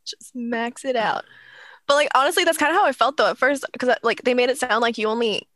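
A woman's voice: high voice, racing, a bit bright, dry recording. A woman guest on a podcast in casual chat, upbeat and slangy, laughing often.

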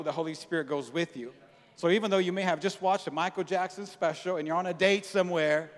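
A pastor preaching a sermon, telling a story with lively acted-out dialogue and casual slang. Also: male voice, fairly high pitch, big-room sound.

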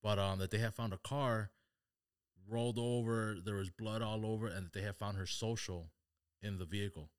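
Low-pitched male co-host, casual, animated storyteller, code-switches with Spanish. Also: moderate pace, clear, resonant tone, no room sound, clean studio sound. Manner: animated storyteller, mixes Spanish phrases, laughs mid-story. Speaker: podcast co-host.

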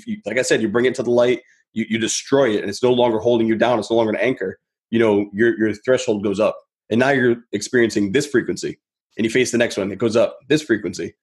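A man's voice: fairly low pitch, darkish tone. A man who is a podcast guest, talking in a reflective, rambling way and often circling back on his thoughts. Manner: rambling, reflective, many "you know" fillers and restarts. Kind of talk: casual podcast conversation.

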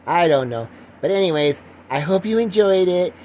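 A man's voice: sits high, lively intonation, normal speed, darkish tone. An older man rambles through his solo podcast with a goofy, wandering energy, laughing between thoughts. His voice rises and falls a lot, and a faint hiss sits behind him. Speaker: podcast host. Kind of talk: rambling comic monologue.

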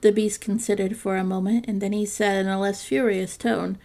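A woman narrating a classic fairytale in a calm, measured storytelling reading. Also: medium pitch, creaky.

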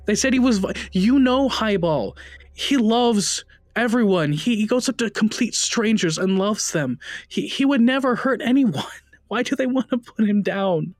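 A distraught young woman, as a man puts her on, pleading through sobs in a voice pitched well above his own. She stumbles and breaks off mid-sentence, and her words come in lively, uneven bursts. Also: measured pace, dry recording, clean studio sound. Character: tearful grieving young woman, desperate.

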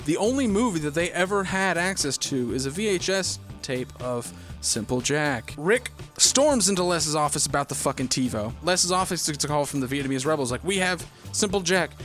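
A man's voice: fairly high pitch, animated, moderate pace, a bit bright, soft background music. A man casually recapping a movie plot, rambling and swearing a lot, now and then acting out lines in silly voices.

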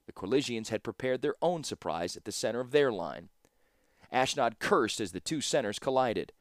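A man with a medium-pitched voice narrates an audiobook, keeping a measured, steady storytelling manner. The recording is dry and studio quality.

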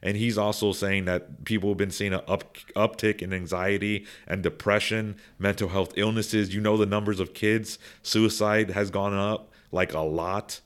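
A young man chatting casually on a podcast, rambling with many restarts and repeated words, now and then turning animated. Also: fairly low pitch, normal speed, few pauses, clean tone. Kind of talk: casual opinion chat.

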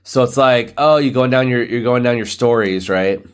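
A man in his thirties hosting a solo podcast, rambling loosely with lots of filler words and a rough morning voice. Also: mid-range voice, normal speed. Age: 30s. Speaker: podcast host. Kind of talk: casual solo podcast rant.

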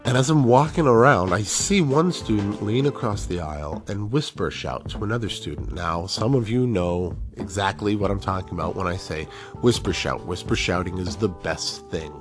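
A man's voice: sits low, lively intonation, normal speed, over music. A middle-aged male teacher telling a story from his classroom in a casual, self-mocking way, acting out the people he quotes.

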